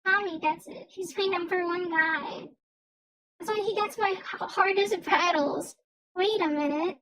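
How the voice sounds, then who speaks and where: Young female streamer, very high squeaky voice, slow easy delivery, chatty and rambling. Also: fairly bright tone, rough recording. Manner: rambling, stammers and restarts often. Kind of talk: casual livestream chat.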